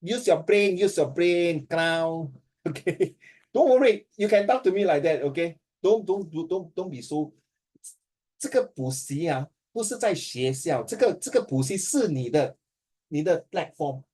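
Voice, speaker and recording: Singaporean man as a teasing, language-mixing tutor, warm relaxed timbre. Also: on the high side, moderate pace. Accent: Singaporean English. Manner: playful and teasing, switches between languages. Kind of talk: casual one-on-one tutoring.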